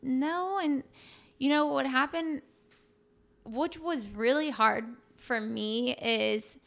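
A young woman talks in a relaxed, chatty way, scattering fillers through her sentences. Her voice sits a bit high and carries a gravelly fry. She speaks as a fitness coach guesting on a podcast. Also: takes it slowly. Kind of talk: casual emotional conversation.

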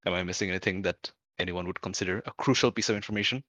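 A man introducing himself on a podcast in a soft, relaxed way, with a few fillers. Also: deep voice, rapid-fire, no echo. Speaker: podcast editor and player.

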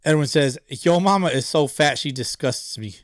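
A man's voice: fairly high pitch, lively intonation, normal speed, no room sound, clean studio sound. A man co-hosting a casual podcast, reading listener jokes aloud, laughing often and cursing freely. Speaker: podcast co-host. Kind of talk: casual chat.

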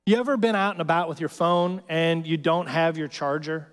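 With hardly any pauses, a male pastor preaches at a moderate pace in a fairly high voice with fairly even intonation. His sermon is casual and joking, dotted with "right?" aimed at the congregation, and there's a long hall reverb.

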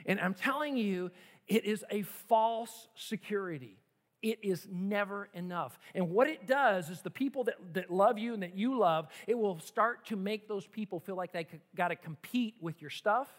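A pastor with a strikingly high voice delivers a sermon at a moderate pace, relying on repeated phrases and rhetorical questions. A long, hall-like reverb makes it sound as if he's in a large sanctuary.

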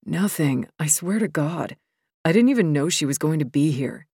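A woman voicing a defensive young man who pleads quickly in his own defense. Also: low voice, expressive, mellow, slightly rough, no room sound, clean studio sound, full character voice.

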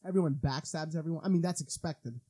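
A man's voice: a little high, fast talker, mellow, slightly rough. A man co-hosting a podcast in casual chat, joking and swearing casually. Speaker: podcast co-host.

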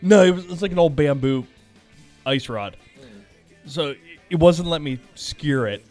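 A man's voice: fairly high pitch, normal speed, darkish tone, soft background music. A man hosting a podcast, telling stories in casual chat, laid-back and freely swearing. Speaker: podcast host.

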